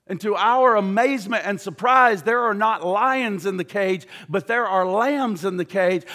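A middle-aged male pastor preaching a sermon, impassioned, swinging between shouting and hushed tones. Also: high voice. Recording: long hall reverb.

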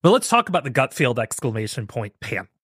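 A man's voice: mid-range voice, very animated, quick pace, a bit bright, slightly rough, no echo, studio quality. A man hosting a podcast, giving sarcastic commentary and mocking impressions in a casual, ranting way. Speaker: podcast host.

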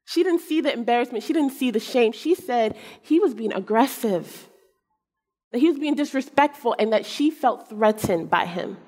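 A woman's voice: a little high, lively intonation, normal speed, a little mellow. A middle-aged woman giving a church talk, telling a personal story earnestly and acting out her son's words. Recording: long hall reverb.

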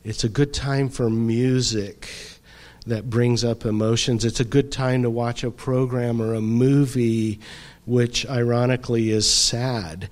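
A middle-aged male pastor preaches in an unhurried, deliberate way at a middle pitch. He pauses often and lets his phrases sink softly at the ends. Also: steady tone. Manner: slow, reflective preaching with pauses and soft drops. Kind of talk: sermon.

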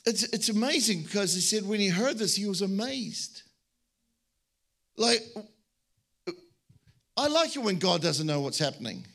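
A man's voice: high-pitched, unhurried, vocal fry, long pauses. A man preaching a sermon at a church service, joking and telling stories with lots of restarts. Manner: animated, joking, storytelling with many restarts.

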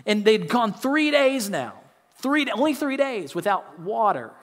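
A man preaching a sermon, earnest and a bit halting, often restarting and repeating words. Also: high voice, sing-song, a bit bright, in a large hall. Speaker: pastor.

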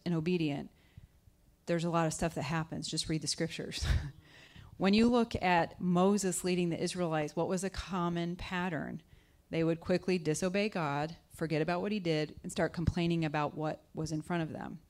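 Lowish-voiced woman giving a chatty sermon. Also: steady tone, normal speed, a little mellow. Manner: conversational, asks the audience questions; acts out scripture voices with pitch jumps. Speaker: guest speaker. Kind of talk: conversational sermon.

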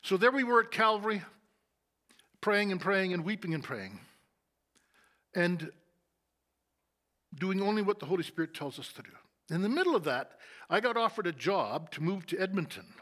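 A middle-aged man telling his story in a sermon, acting out conversations and often dropping to a soft, low voice. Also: very animated, normal speed, pauses often. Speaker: church leader giving testimony. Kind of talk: sermon testimony.

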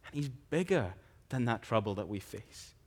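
A man preaching a sermon, earnest and measured, slowing down to stress key phrases. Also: mid-range voice, sing-song, a little mellow, breathy edge. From Scotland.

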